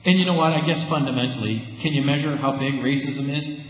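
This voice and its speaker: A man's voice: mid-range voice, fast talker. Pastor, man, emphatic conversational sermon, echoey sanctuary, long reverb, faint room hum. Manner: earnest, emphatic, conversational preaching. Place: church sanctuary. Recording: echoey church hall, faint ambience.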